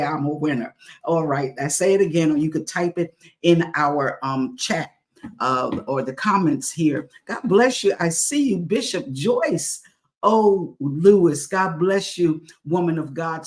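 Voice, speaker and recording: A woman's voice: sits low, darkish tone. A woman pastor hosting a livestream talk show, exhorting viewers, leading them in affirmations and greeting them by name.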